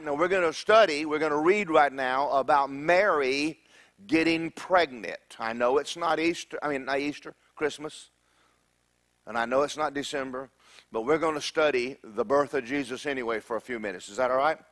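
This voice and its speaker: A male pastor preaching a sermon, animated and joking as he retells a story. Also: on the high side, moderate pace, dry recording.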